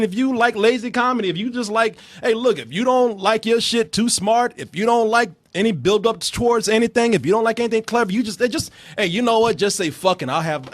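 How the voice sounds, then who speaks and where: A man hosting a casual movie review chat, ranting in a profane, animated way. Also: very high-pitched, no room sound. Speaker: movie review show host.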